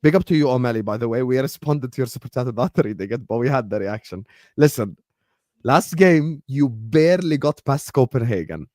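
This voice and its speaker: A man's voice: mid-range voice, animated, a little fast, dark tone, no room sound, studio quality. A young man hosting a casual football debate on a call, teasing his guests with emphatic, hear-me-out delivery. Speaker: host of football reaction show.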